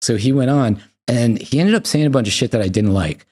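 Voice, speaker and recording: A man's voice: medium pitch, fairly quick. A man from the United States, a podcast guest, telling stories in casual, profane talk and acting out quotes. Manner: animated, profane, acts out quotes. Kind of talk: casual storytelling.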